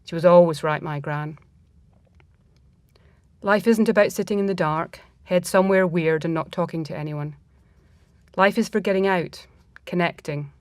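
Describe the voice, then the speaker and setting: Woman storyteller, reflective reading, lowish voice, dry close sound. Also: darkish tone, no echo. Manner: reflective, measured. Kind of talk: first-person story reading.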